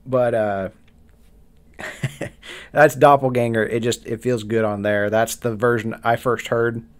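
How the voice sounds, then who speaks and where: A man's voice: medium pitch, steady tone, a little slow, clear, resonant tone. A man guesting on a podcast in a casual chat, laid-back and sighing before he answers.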